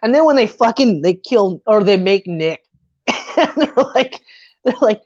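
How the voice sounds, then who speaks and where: A woman's voice: medium pitch, animated, measured pace, a little mellow. A woman in casual chat who laughs often, swears freely and acts out lines from scenes. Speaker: movie fan chatting with a friend. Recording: slightly dull lo-fi recording.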